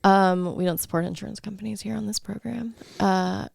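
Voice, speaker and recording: A woman's voice: medium pitch, steady tone, moderate pace, vocal fry, darkish tone, no echo. A young adult woman co-hosting a casual comedy podcast, rambling and sarcastic, laughing often. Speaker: podcast co-host.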